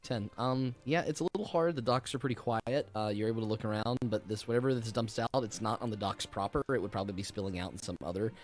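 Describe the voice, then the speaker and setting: A man's voice: on the low side, fast talker, hardly any pauses. A man narrating a tabletop game as game master in a laid-back, hesitant way.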